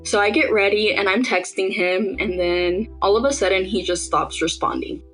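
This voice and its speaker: A woman's voice: mid-range voice, moderate pace, a bit bright, soft background music, low-quality recording. A young woman, a podcast interviewee, recounts her own experience in a casual, conversational way, often saying "like". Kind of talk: personal storytelling in an interview.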